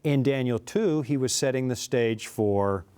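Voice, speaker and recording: A man's voice: mid-range voice, unhurried, warm tone, clear, resonant tone. Middle-aged male co-host, emphatic, conversational, repeats lines to drive points home. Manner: emphatic, repeats key phrases for effect. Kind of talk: casual religious discussion.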